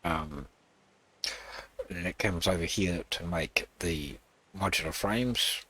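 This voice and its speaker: A man hosting a gaming channel, casually talking through his game build in a rambling, halting way with many fillers. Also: sits low, sharp tone. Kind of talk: casual gameplay walkthrough.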